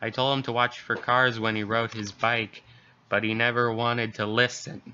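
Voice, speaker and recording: A man voicing a terrified mother hiding and calling the police, in a hushed, panicked creepypasta reading. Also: mid-range voice, flat delivery, moderate pace, close to an everyday voice. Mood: distraught. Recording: dull lo-fi recording.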